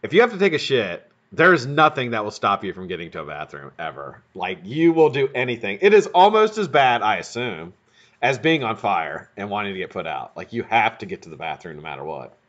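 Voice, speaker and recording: A man's voice: on the low side, very animated, a little fast, a bit bright. A man hosting a live stream, telling a rambling, profane story in a casual way. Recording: dull lo-fi stream audio.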